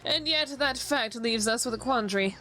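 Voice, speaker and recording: Bright-voiced young woman game streamer. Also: on the high side, moderate pace. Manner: loud exasperated reactions, swearing, frequent laughter. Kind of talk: live game stream, reading game dialogue aloud and reacting. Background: background music.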